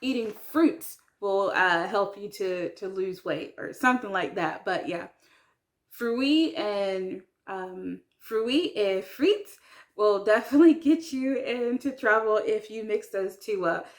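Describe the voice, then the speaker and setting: Chatty woman learning French. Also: medium pitch. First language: English. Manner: chatty, self-deprecating, many ums and likes, slow careful French words. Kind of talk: casual talk to camera.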